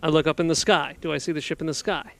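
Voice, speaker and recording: Higher-voiced man playing a tabletop game. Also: steady tone, fast talker, gravelly, fairly bright tone, dry recording. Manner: hesitant, thinking aloud with restarts. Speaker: player. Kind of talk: casual play at a tabletop game.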